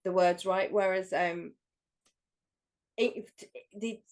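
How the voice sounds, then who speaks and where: A woman's voice: medium pitch, fairly even intonation, takes it slowly, darkish tone. A woman from England with a standard southern English accent, co-hosting a casual film podcast, chatty with many ums and restarts. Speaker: podcast co-host.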